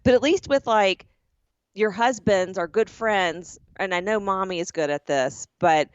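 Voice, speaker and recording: A woman from the American South co-hosts a podcast in easy, loud, talkative banter. Her voice is mid-pitched and close to the mic, with a dry sound and a slightly muffled, dull top end. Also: no room sound. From southern United States. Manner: loud, chatty, quick to react. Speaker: podcast co-host. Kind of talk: casual chat.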